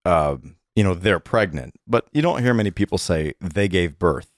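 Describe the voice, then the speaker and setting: A middle-aged man co-hosting a casual chat podcast, animated and chatty with many fillers. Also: low-pitched, normal speed, no echo, clean studio sound. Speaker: podcast co-host.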